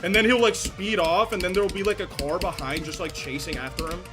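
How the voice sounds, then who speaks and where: A man's voice: high-pitched, brisk, music in the background. A young man casually chatting while livestreaming a game, rambling in slang and swearing freely. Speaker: game streamer.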